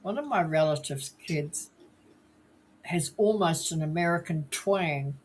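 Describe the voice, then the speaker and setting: A podcast co-host with a New Zealand accent, talking slowly and hesitantly in casual chat. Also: mid-range voice, a little hiss or hum. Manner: slow, hesitant, with fillers.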